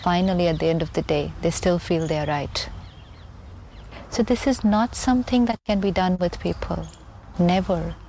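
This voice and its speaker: A woman, speaking as a spiritual teacher in a calm talk, earnest and repeating phrases for emphasis. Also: fairly low pitch, moderate pace, slight background noise, low-quality recording.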